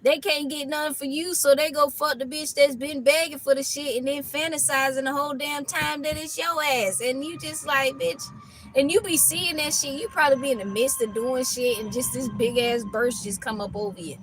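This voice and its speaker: A woman's voice: high voice, steady tone, normal speed, fairly bright tone, faint music behind, poor audio. A woman tarot reader ranting in a casual reading, blunt and profane, laughing often between lines.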